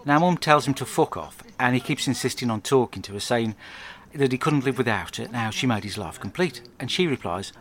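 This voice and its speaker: A man with an English accent telling a crude comic diary monologue, rambling and deadpan. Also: mid-range voice, brisk, hardly any pauses. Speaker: podcast host.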